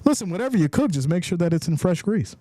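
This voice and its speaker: A man hosts a live football reaction stream, calling each play and reading viewers' chat messages aloud. His pitch sits a bit high and swings widely as he gets fired up. The sound is dry and close. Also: big pitch swings, fast, no room sound. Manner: hyped, shouting and cheering on big plays; casual slang, repeats phrases.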